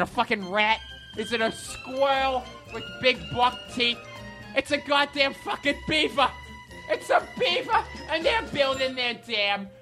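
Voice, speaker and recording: A woman's voice: mid-range voice, fairly bright tone, lightly acted. A woman voicing a foul-mouthed, hot-headed man who rants manically in a comedy character monologue. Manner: profane, ranting, manic.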